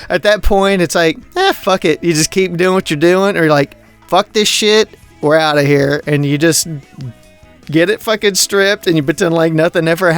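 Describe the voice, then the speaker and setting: Swearing, ranting podcast host, smooth voice. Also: male voice, on the high side. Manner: rambling, swears constantly, exasperated rants. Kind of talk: profane casual storytelling.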